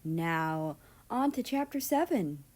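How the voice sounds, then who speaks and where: A woman narrates a fan story in a leisurely, unhurried way. Her voice sits low and mellow, soft-edged rather than bright. She slips in casual asides and the occasional swear word. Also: sing-song. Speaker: fan fiction reader.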